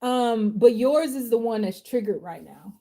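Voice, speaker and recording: A woman's voice: a little high, animated, unhurried, dark tone. A woman who is a tarot reader and life coach, giving a live tarot reading in casual, slangy, heartfelt talk.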